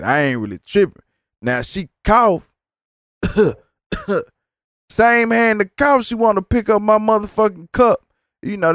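A man hosting a podcast, telling a profane, animated story while sick and tired, mocking the people he quotes. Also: on the high side, no echo, studio quality. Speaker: podcast host. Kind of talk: casual storytelling monologue.

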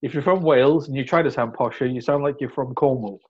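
A man hosting a casual conversation, animated, often restarting sentences and laughing. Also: medium pitch, fast talker, lo-fi sound, background noise. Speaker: host.

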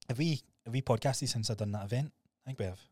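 A man co-hosting a podcast, telling stories in a sweary, animated, casual way. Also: mid-range voice, fast talker, dry recording, studio quality. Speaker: podcast co-host.

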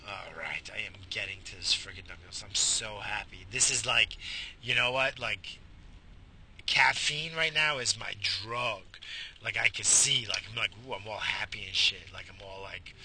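A man's voice: lowish voice, moderate pace, sharp tone, a little hiss or hum. A man podcasting while he drives, rambling crudely and profanely into a head-mounted mic. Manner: profane, rambling, mock-theatrical. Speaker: podcast host. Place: car, driving.

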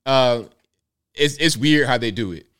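A man's voice: medium pitch, measured pace, a bit bright, smooth. An American man with a Southern accent, hosting a solo political commentary show, emphatic and repetitive, firing rhetorical questions at his viewers. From United States.

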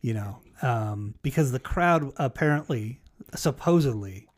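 A man's voice: mid-range voice, animated, a little slow. A man telling a story in casual chat, swearing freely and acting out the quotes. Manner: profane storyteller, acts out quotes.

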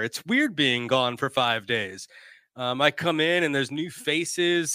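Upbeat, bright-voiced man hosting a live show. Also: medium pitch, no echo, clean studio sound. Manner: laughing, reading out comments, animated. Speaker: podcast host. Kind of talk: casual live-stream chat.

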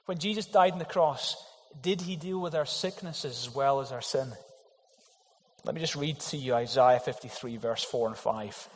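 In an echoing hall with long reverb, a pastor gives a sermon in a medium-pitched voice at moderate pace. His preaching is earnest and emphatic, punctuated by rhetorical questions.

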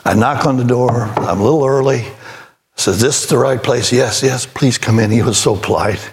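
A man's voice: mid-range voice, moderate pace. Older man, pastor, sermon, folksy storyteller, acts out dialogue, emphatic preaching. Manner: folksy storytelling, acting out both sides of conversations.

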